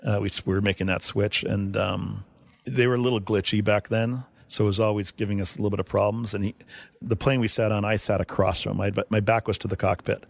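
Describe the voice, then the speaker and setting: A middle-aged man, a hockey video coach, telling animated, laughing anecdotes as a guest in a casual interview. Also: fairly low pitch, brisk, vocal fry, no room sound.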